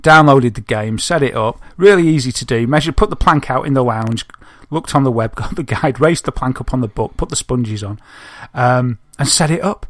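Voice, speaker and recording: A man, co-hosting a podcast and telling an animated story, laughing often. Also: mid-range voice, moderate pace, hardly any pauses, no room sound. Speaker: podcast co-host. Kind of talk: casual chat, telling an anecdote.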